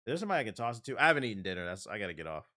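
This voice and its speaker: A male game streamer giving casual gaming commentary, excitable and profane, with loud outbursts. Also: on the low side, rapid-fire. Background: game music.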